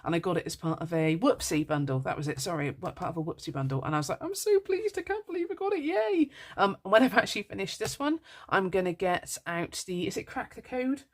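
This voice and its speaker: A woman's voice: fairly low pitch, fast talker, hardly any pauses. Woman, casual vlog chat, bubbly, apologetic, rambling with fillers. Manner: chatty, bubbly, apologetic, lots of ums. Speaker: budgeting vlogger.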